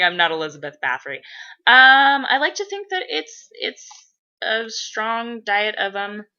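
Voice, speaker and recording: A woman vlogger chatting casually through viewer questions, rambling and profane with lots of fillers, sometimes breaking into loud excited gushing. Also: fairly high pitch, a little slow. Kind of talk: casual chat. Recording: dull lo-fi recording.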